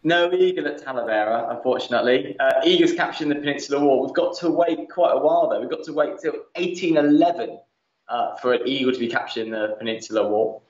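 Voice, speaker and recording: Museum guy guest chatting, lots of uhs, roomy room, a bit muffled. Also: mid-range voice. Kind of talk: casual interview chat.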